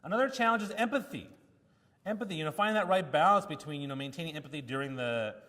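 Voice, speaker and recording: Animated male speaker in a reverberant hall. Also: on the high side, fast talker. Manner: animated storytelling with acted-out quotes. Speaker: keynote speaker. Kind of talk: conference talk.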